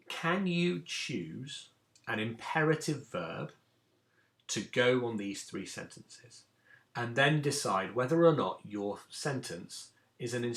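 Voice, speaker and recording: A man's voice: mid-range voice, creaky, fairly bright tone. A man, a teacher giving a recorded lesson to children and explaining each step patiently. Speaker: primary school teacher.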